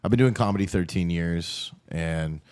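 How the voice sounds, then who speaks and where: A man's voice: sits low, normal speed, a little mellow, clear, resonant tone, dry recording. A man from Canada, a comedian guest, talking in a loose, rambling way with many fillers. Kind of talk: casual chat.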